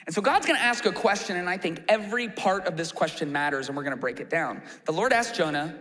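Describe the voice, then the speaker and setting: A man preaching a sermon as a pastor, animated and acting out quoted complaints in a raised voice. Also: high-pitched, fast talker, few pauses, big-room sound. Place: church auditorium.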